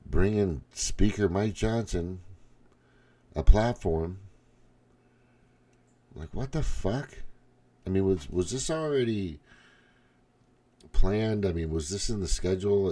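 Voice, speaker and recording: A middle-aged political commentary host with a very deep, warm voice delivers a casual political monologue. He's angry and profane, frequently restarting his sentences.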